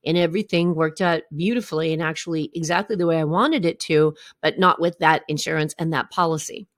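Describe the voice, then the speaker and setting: A woman's voice: sits low, steady tone, fairly quick, no echo, studio quality. A middle-aged woman hosting a podcast, telling a personal story in a candid, conversational way and often checking in with "right?". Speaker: podcast host.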